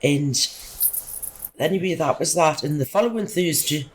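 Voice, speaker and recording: A woman's voice: sits low, normal speed, slightly rough, poor audio. A middle-aged woman, chatting emphatically as a podcast guest and telling a rambling personal story. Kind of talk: casual storytelling.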